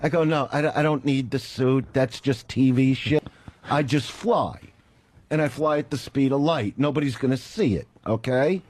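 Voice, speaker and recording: A man's voice: mid-range voice, moderate pace. A man telling a long story as a radio show guest, acting out both sides of a phone call. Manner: animated, acts out both sides of phone calls. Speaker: guest comedian.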